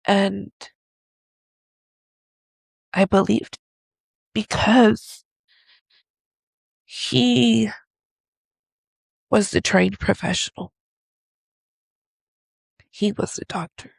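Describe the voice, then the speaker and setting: A woman podcast host slowly telling a personal, emotional story in a confessional way. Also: mid-range voice, steady tone, creaky, slightly rough, no echo.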